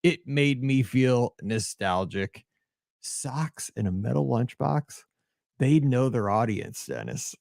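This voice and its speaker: A man's voice: mid-range voice, expressive, takes it slowly, vocal fry, a little mellow, no echo. Sentimental male podcast host, forties, chatty and rambling, mid-range voice, dry booth. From Midwest of the US. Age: 40s. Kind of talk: solo podcast chat.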